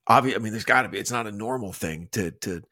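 A man's voice: on the low side, fast. A man co-hosting a podcast, telling a story in casual chat with many restarts and asides. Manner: rambling, restarts, animated retelling. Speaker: podcast co-host.

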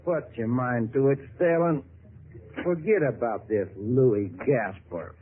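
A man's voice: medium pitch, a little slow, a little hiss or hum, natural voice. An actor playing a folksy, wheedling middleman in a 1950s radio drama. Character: smooth-talking Southern middleman, called Dixie. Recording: tinny lo-fi old radio broadcast.

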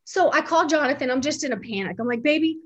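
A woman chatting casually as a co-host, telling an animated personal story, laughing often and acting out what people said. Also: high voice, fast talker, slightly rough, lo-fi sound.

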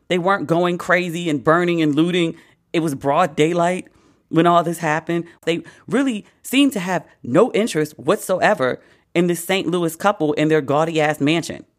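A podcast host from the United States giving casual comedic commentary, profane and sarcastic, with animated asides. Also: medium pitch.

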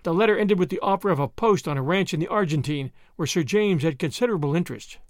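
Man narrating a book, expressive, high voice, dry and close. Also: fast, no echo. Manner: expressive, storytelling delivery. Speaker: audiobook narrator. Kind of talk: scripted audiobook narration.

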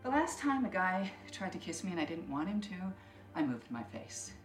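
A woman's voice: on the low side, very animated, normal speed. An actress playing a suspicious mother who confronts her daughter's rival, cold and confrontational, in a film clip. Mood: accusing. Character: suspicious accusing mother, middle-aged woman. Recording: movie clip with roomy echo and music.

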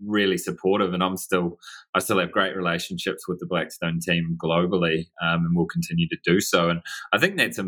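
Deep bright-toned New man. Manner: laughing, animated anecdote-telling with fillers. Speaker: company co-founder, guest. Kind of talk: casual storytelling interview.

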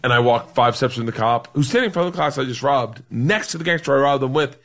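A middle-aged comedian telling a rowdy, profane story in a casual podcast chat, laughing and acting out the other people's lines. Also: male voice, mid-range voice, quick pace. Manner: animated, swearing, laughing storyteller acting out quotes. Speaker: comedian guest.

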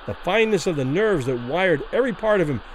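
A man narrating a classic short story as a vivid, expressive dramatic reading. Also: high-pitched, quick pace, a little hiss or hum, poor audio.

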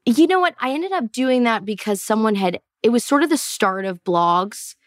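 A woman's voice: a little high, normal speed, dry recording, studio quality. A Canadian woman in her forties, a podcast guest telling stories in casual chat, with lots of fillers and restarts. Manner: chatty, animated storyteller with many fillers and restarts.

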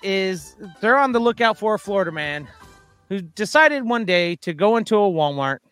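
Male podcast co-host, high-pitched and bright, rambling and ranty news reader. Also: very animated, moderate pace, faint music behind. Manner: rambling, gets worked up and ranty. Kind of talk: casual podcast chat.

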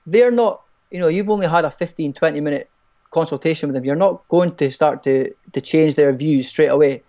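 A man speaking casually on a podcast about training clients. His voice is a little higher than most men's. He stumbles and repeats words as he works out what to say. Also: fairly quick, warm tone. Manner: hesitant, repeats words while thinking. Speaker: personal trainer.

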